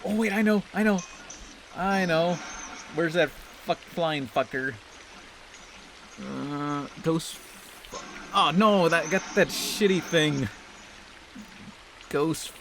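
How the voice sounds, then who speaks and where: A man's voice: fairly high pitch, slow pace, pauses often, a bit bright, slight background noise. A young man giving crude, sarcastic, constantly swearing commentary while playing a video game. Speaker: let's play host. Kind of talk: profane gameplay commentary.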